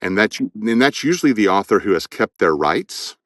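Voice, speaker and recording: A man with a very low voice speaks as a guest in an interview about his work narrating audiobooks. He is thoughtful and often restarts with repeated words as he builds toward a point. The sound is close and dry, with almost no room echo. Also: expressive, normal speed, fairly bright tone. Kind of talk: conversational interview.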